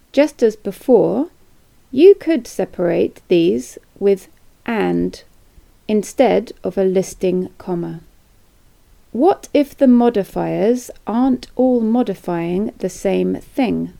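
Woman, teacher, scripted podcast lesson, unhurried, gravelly fry. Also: mid-range voice, mellow. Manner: slow, careful reading of example sentences. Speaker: English teacher.

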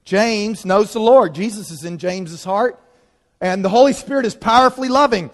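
Man, preacher, sermon, high voice, lively conversational delivery, dramatic pauses, long hall reverb.

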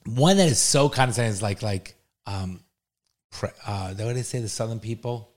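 A man's voice: normal speed, darkish tone. A man co-hosting a podcast who talks bluntly and casually, swearing freely. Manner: blunt and profane, swings widely in pitch. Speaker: podcast co-host. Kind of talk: casual chat.

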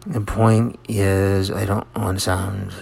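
A middle-aged man hosting a rambling personal monologue, halting and self-mocking, often dropping into soft whispered asides. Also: low-pitched, vocal fry, slightly rough. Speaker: monologue host.

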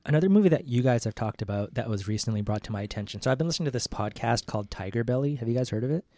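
A man's voice: mid-range voice, expressive, racing, warm tone, no echo, studio quality. A man co-hosting a podcast, chatting casually and rambling through stories about movies. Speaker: podcast co-host. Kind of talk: casual chat.

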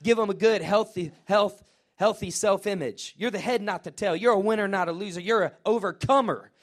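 A middle-aged pastor, preaching a lively sermon and calling out to his congregation. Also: high-pitched, brisk. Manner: energetic, call-and-response with congregation. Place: church sanctuary.

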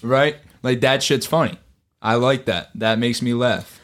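With a medium-pitched, fairly bright voice that runs a little slow, a man hosts a laid-back sports podcast. He talks animatedly, swears, and does exaggerated impressions of other people.

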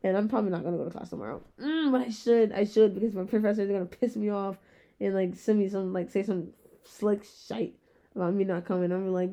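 A young woman in her twenties hosting a solo podcast, rambling in very fast casual chat with a rough-sounding voice. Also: medium pitch, dark tone. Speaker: podcast host.

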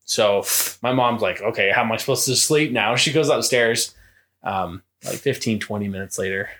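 A young man casually telling a spooky story on a podcast, acting out the voices and creaking sounds. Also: fairly low pitch, normal speed. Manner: animated, acts out quoted voices and creaks. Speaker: podcast co-host.

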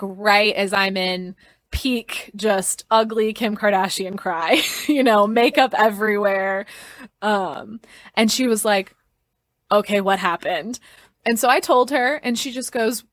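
Young woman guest telling her story, kinda high voice, lots of likes and laughs, dry close mic. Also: no echo. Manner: chatty and expressive, laughs often, lots of "like" and "um". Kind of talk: personal storytelling in a podcast interview.

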